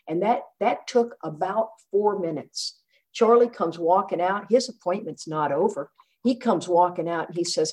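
An older woman with a drawl, her voice sitting slightly low. She tells a personal story to a room of listeners, animated and expressive. She slips into the voices of the people she quotes. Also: normal speed. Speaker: speaker sharing at a recovery meeting.

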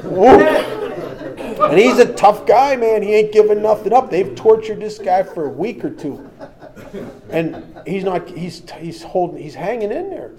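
A man's voice: sits high, moderate pace. A man sharing his recovery story in a plain-spoken, humorous storytelling talk. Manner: plain-spoken and humorous, shifting between lively and quiet.

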